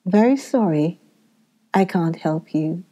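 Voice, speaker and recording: A woman's voice: fairly low pitch, animated, warm tone. Woman putting on a sleepy old knight. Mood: drowsy. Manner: drowsy, slow, trailing into whispers.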